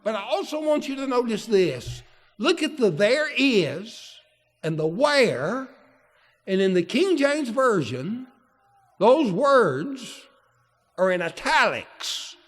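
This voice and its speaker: A man's voice: very high-pitched, big pitch swings, slow pace, a bit bright. A man preaching a sermon in a folksy way, often asking his congregation questions. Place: church hall. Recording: long hall reverb.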